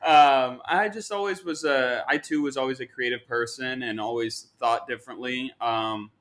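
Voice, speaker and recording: A man's voice: mid-range voice, moderate pace, fairly bright tone. Friendly male podcast host asking questions. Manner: enthusiastic, encouraging, asks rambling questions. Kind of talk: casual podcast interview.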